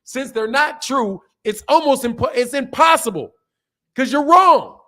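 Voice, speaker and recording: A man hosting a boxing channel, delivering a loud, profane, fired-up rant in casual stream talk, laughing between points. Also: very high voice, lively intonation, unhurried.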